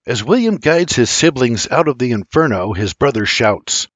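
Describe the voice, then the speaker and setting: A man's voice: medium pitch, normal speed, vocal fry, few pauses, a bit bright, slightly rough, dry recording. An older man reading an audiobook with intense, dramatic storytelling. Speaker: audiobook narrator. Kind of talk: scripted dramatic audiobook narration.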